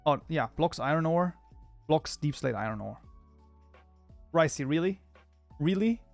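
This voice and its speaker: Male streamer, slightly higher voice, chatty and muttering, dry close sound. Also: expressive, unhurried, vocal fry, dry recording, soft background music. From Germany. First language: German. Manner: chatty, reads chat aloud and mutters while debugging. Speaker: livestreamer and programming tutor. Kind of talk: casual live-stream chat while coding.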